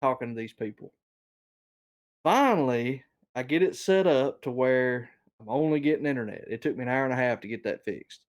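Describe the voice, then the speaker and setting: A man's voice: medium pitch, moderate pace. Chatty man spinning a long story. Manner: rambling, chuckling, animated when quoting others. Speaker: podcast co-host telling a story. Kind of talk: casual storytelling chat.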